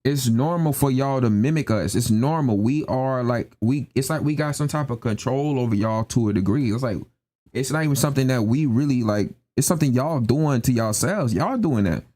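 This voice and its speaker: A man's voice: medium pitch, moderate pace, mellow. A young man ranting emphatically in slangy casual talk on a live stream, repeating his points. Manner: emphatic, repetitive, slangy, keeps asking "you know what I'm saying".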